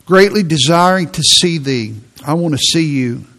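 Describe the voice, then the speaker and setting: A man's voice: on the high side, normal speed, a bit bright. A man preaching a sermon in an earnest tone, often repeating words as he presses a point.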